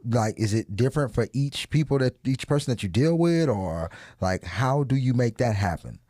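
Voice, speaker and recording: A man interviewing a guest in a casual chat, easygoing and halting as he works out his questions. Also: mid-range voice, animated, mellow, dry recording, studio quality.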